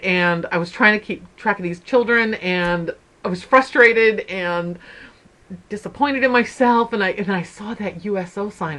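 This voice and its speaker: A woman's voice: medium pitch, pushed and bright. A middle-aged woman hosting her stitching channel, chatting to viewers in a rambling, storytelling way. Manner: chatty storyteller, wanders off on tangents. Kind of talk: casual chat to viewers.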